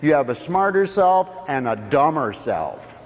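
Folksy male preacher, lively and slow, slightly high voice, heard in a reverberant hall. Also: a little hiss or hum. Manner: folksy, joking, asks the congregation questions. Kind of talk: sermon.

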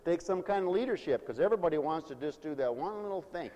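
High, lively preacher in a reverberant hall. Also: male voice, fast talker, lo-fi sound, slight background noise. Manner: animated, playful, laughs often, acts out whiny voices. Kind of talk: lively sermon.

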